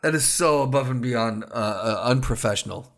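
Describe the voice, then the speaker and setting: A man's voice: mid-range voice, normal speed, fairly bright tone. A man co-hosting a podcast in casual chat, reacting emphatically to stories and now and then swearing. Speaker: podcast co-host.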